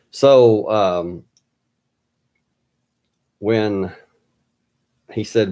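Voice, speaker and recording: A man telling a personal story in a halting way, pausing often with fillers and restarts. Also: fairly low pitch, gravelly, dark tone.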